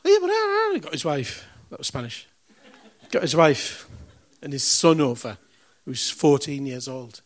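A man preaching in an easy storytelling way, taking his time over every phrase. He jumps from loud, punchy declarations to quiet, hushed asides, with a middling pitch. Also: husky. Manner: conversational storyteller, swings from loud punchy lines to hushed reverent moments. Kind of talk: sermon with storytelling.

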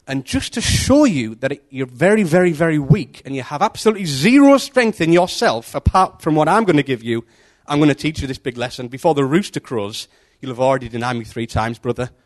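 Man, informal preacher, conversational storyteller; lively, slightly high voice. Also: brisk, few pauses. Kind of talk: informal devotional talk.

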